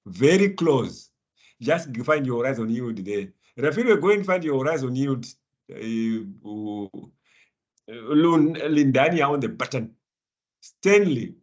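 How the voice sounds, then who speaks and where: Man, lecturer, animated, encouraging, laughs often. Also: mid-range voice, dull audio. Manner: lively, encouraging, calls students by name, laughs often. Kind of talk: live online finance class.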